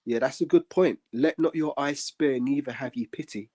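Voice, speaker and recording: Male co-host, mellow mid voice, earnest and measured scripture commentary. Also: mid-range voice. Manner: earnest, measured, many "um" pauses. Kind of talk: religious podcast discussion.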